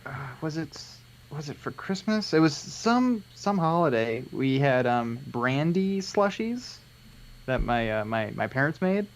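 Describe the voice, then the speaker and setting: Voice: mid-range voice, very animated, a little slow, poor audio. A live stream co-host bantering casually during a miniature-painting session, joking and laughing often.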